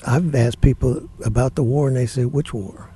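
An older man, a guest in an interview, telling family stories in a plainspoken, animated way. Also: medium pitch, fairly quick, slight background noise. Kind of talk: storytelling in an interview.

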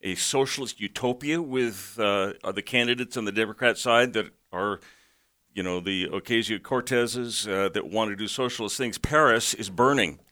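Bright-voiced opinionated male radio co-host. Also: fairly low pitch, normal speed. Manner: opinionated, explains news with context. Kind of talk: talk radio discussion.

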